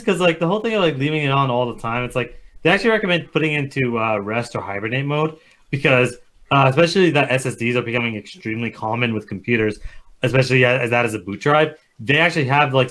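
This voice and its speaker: A man's voice: mid-range voice, expressive, fast talker, a bit bright. A man co-hosting a casual podcast, blunt and profane, explaining computer matters at length. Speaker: podcast co-host.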